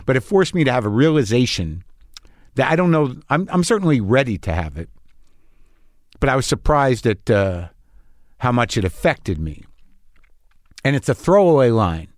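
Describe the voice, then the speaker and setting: A man's voice: mid-range voice, dry recording. Candid rambling middle-aged man, dry sound. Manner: rambling, candid, profane, self-deprecating. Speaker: podcast host. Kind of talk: casual monologue.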